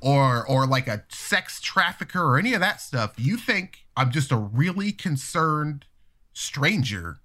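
A man in his thirties telling stories in casual chat, animated and profane, acting out other people's voices. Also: on the high side, measured pace. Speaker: podcast co-host telling stories.

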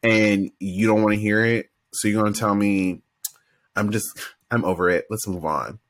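Male podcast co-host, low-pitched, casual and emphatic. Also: fairly even intonation, moderate pace. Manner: emphatic, retells scenes with quoted voices. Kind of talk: casual chat.

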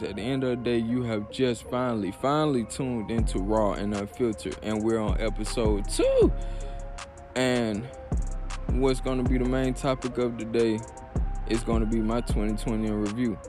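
Rambling slangy man hosting a podcast. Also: medium pitch. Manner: loose, rambling, slangy, filler-heavy. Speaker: podcast host. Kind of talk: casual monologue.

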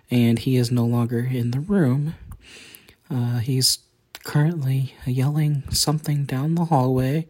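A woman playing an awkward podcast host who speaks haltingly, with many fillers and restarts, in an improvised comedy sketch. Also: extremely low pitch, a little mellow, voice pushed down, heavily acted. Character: awkward, hesitant podcast host, a young man.

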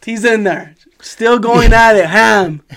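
High-voiced man telling a wild story. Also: takes it slowly, creaky. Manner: animated, swears a lot, laughs while telling. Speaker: podcast host. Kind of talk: casual storytelling chat.

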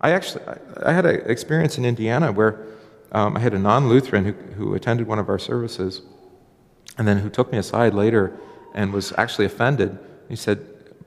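A pastor giving a relaxed, conversational sermon, his low voice carrying some gravel. He drops into quick acted-out exchanges and trips over restarts as he goes. The sound rings out in a long hall reverb. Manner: conversational, acts out dialogue, frequent fillers and restarts.

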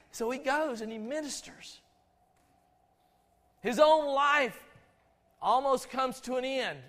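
A man's voice: extremely high pitch, a bit bright. A middle-aged man from Georgia with a Southern accent, preaching a storytelling sermon in a folksy, conversational way, often restarting his sentences. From Albany, Georgia, USA. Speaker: pastor. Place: church sanctuary. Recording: long reverb of a church sanctuary.

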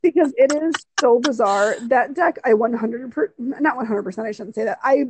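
A woman's voice: on the high side, normal speed, background noise. A young adult woman co-hosting a casual chat, telling stories with lots of swearing. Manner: swears freely, animated storytelling. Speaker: podcast co-host.

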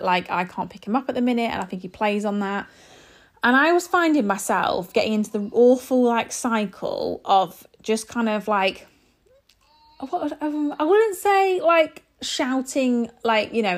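A woman in her thirties chatting casually to her viewers as a parent vlogger, rambling with lots of fillers and restarts. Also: medium pitch. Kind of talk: casual chat to camera.

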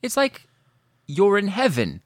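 A man's voice: high voice, unhurried, no echo, studio quality. A man co-hosting a casual chat, telling stories with laughs and the odd swear word. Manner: laughing, swearing, animated storytelling.

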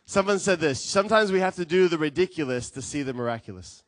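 A man preaching a sermon as a pastor, telling stories with lively acted quotes. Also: on the high side, fast, no echo, studio quality. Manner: animated storytelling with acted quotes.

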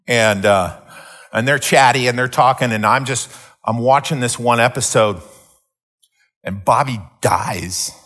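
A man's voice: medium pitch, unhurried, long pauses, sharp tone. A middle-aged man preaching a sermon, telling a story with many restarts before teaching. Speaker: pastor.

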